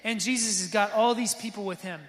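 High-voiced preacher man in a reverberant hall. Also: a little fast. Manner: lively preaching, asks the crowd for response. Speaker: pastor. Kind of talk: sermon.

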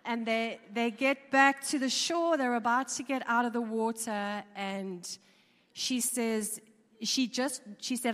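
A woman's voice: fairly high pitch, moderate pace. Woman, informal talk to an audience, conversational, repeats words, long hall reverb. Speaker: speaker.

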